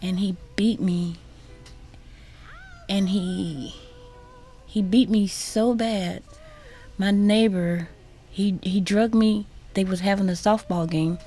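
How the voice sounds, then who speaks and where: A woman speaks into a studio microphone as a radio guest, in a slow, mellow, rather dark voice. She talks haltingly and often repeats her words. At times her voice sinks to a near whisper. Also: mid-range voice, steady tone, soft background music. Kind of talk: personal testimony in a radio interview.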